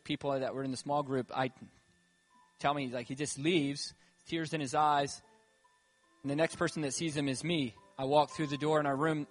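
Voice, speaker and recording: A man preaching a sermon and telling a personal story, moving between loud emphatic calls and quiet, tender narration. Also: a little high. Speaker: pastor. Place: church gathering.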